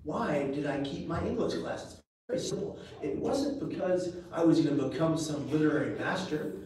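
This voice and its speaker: A man giving a live speech at an event, telling a personal story with dramatic swings between loud and hushed delivery. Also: a little high, expressive, moderate pace. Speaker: motivational speaker. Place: event venue, indoors. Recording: echoey room recording from far off, faint hiss.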